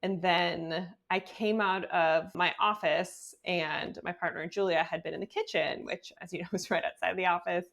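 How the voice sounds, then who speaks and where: A woman author being interviewed, telling her story in a chatty, animated way with lots of "like"s. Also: fairly low pitch, moderate pace, creaky, hardly any pauses. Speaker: guest author. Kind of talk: casual interview talk. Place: home office in New York.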